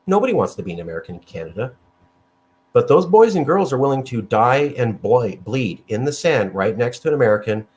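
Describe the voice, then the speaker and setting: Emphatic man arguing his cause. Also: a little mellow. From California. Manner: emphatic, repetitive, pitch jumping high when worked up. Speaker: movement leader speaking at a meeting. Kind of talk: impassioned argument.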